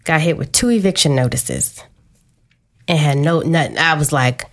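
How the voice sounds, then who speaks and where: A woman guest on a talk show, candidly telling a personal story in a quick, open way. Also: deep voice, creaky.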